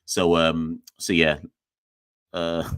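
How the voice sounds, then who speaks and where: A man's voice: low-pitched, monotone, extremely slow, a bit bright, clean tone, dry recording. A young man, hosting a podcast and chatting in a rambling, jokey, self-mocking way. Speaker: podcast host. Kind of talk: casual solo sign-off chat.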